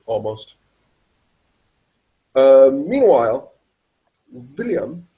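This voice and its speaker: A man running a tabletop game, narrating with lots of pauses and restarts. His voice sits in an ordinary middle range. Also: mid-range voice, warm tone, poor audio. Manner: halting, full of fillers and restarts. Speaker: game master.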